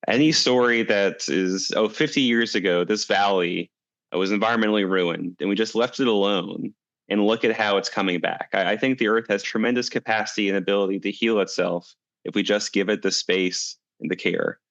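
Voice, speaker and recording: A man's voice: on the low side, a little fast, fairly bright tone, no echo, dull audio. A man being interviewed as a guest, talking in a thoughtful, reflective way and telling stories as he answers. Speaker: guest, climate coalition director.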